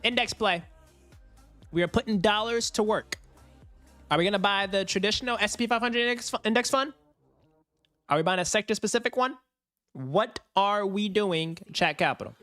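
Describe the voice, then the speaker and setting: A man's voice: sits high, moderate pace, pauses often, faint music behind. A young man hosting a finance livestream, chatting casually with his viewers and laughing often. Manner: animated, chatty, talks to chat, laughs often.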